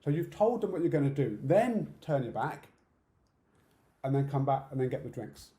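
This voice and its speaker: Middle-aged British man, warm low-key tone, direct speaker talk recorded in a roomy space. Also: big pitch swings, moderate pace. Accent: British English. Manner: direct, practical, checks in with "okay?". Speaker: conference speaker. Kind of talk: online presentation talk. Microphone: video call setup. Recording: roomy echo.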